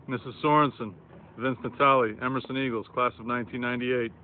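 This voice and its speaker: A man's voice: medium pitch, steady tone. Earnest man in his thirties, phone audio. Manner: earnest, measured, formal. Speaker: former student. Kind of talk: recorded video tribute. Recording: tinny phone recording with faint noise.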